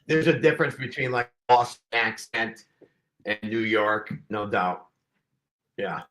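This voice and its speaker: A man's voice: lowish voice, measured pace, a bit bright, rough recording. A man from Connecticut, a musician chatting as a podcast guest with brief, easygoing replies. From Connecticut, USA. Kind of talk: casual chat.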